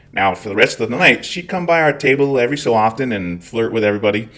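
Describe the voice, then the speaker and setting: A man's voice: fairly low pitch, fast talker, hardly any pauses, fairly bright tone. Wry, profane Scottish man telling stories. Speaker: host. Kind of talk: storytelling monologue.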